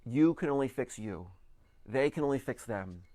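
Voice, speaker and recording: A man gives an earnest motivational talk in a medium voice, neither high nor low. He often trips over his words and repeats them as he drives his point home. The sound is dry and close, with little room echo. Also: expressive, moderate pace, warm tone. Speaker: speaker giving a motivational talk.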